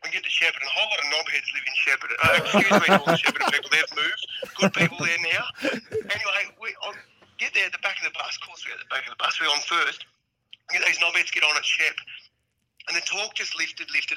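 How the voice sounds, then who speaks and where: A man's voice: a little high, fast talker, pushed and bright, poor audio. A middle-aged Australian man telling a laughing, slang-heavy story as a podcast guest. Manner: laughing yarn-spinner, broad slang. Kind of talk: casual storytelling chat.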